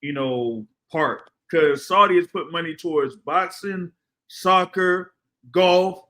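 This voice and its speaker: A man's voice: a little high, takes it slowly, fairly bright tone, rough recording. A man co-hosting a casual talk show, explaining at length with lots of fillers. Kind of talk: casual chat.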